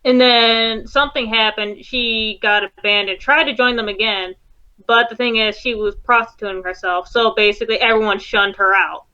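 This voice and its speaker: Blunt bright-voiced woman, lo-fi mic. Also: on the high side, steady tone, normal speed, clean tone. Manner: blunt, profane, exasperated. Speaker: co-host. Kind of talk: casual movie review chat.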